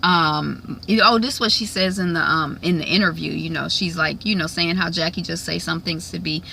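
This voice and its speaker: A woman's voice: on the low side, fairly even intonation, fairly quick, vocal fry, bright, forceful tone, a little hiss or hum, rough recording. A woman casually recapping a reality TV episode, chatty with lots of ums and frequent laughs. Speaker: recap vlogger.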